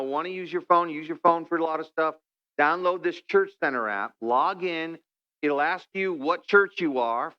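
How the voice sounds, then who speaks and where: High-voiced pastor preaching conversationally. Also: male voice, lo-fi sound. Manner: conversational, playful, acts out quoted couples. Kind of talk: sermon. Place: church sanctuary.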